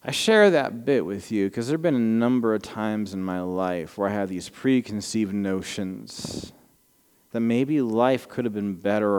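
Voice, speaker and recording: A man in his thirties with a slight Southern American lilt preaches to a congregation in a casual storytelling way. His voice comes across smooth and resonant. The long reverb of a big church hall trails behind each phrase. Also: lowish voice, darkish tone. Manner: conversational storytelling, self-deprecating asides. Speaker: pastor. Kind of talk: sermon with personal stories. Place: church sanctuary before a congregation.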